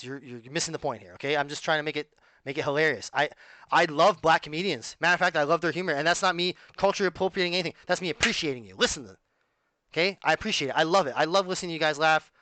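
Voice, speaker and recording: A man rambles to his audience in a casual monologue, full of asides and restarts. His voice sits a little high. The recording is dry and close, with no room sound. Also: quick pace, pushed and bright, dry recording. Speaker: vlogger.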